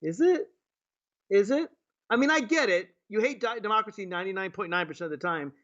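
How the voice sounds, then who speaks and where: A man's voice: high-pitched, lively intonation, a little fast, fairly bright tone. A male talk radio host from Virginia, doing political commentary with sarcastic, indignant rhetorical questions. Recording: muffled lo-fi broadcast audio.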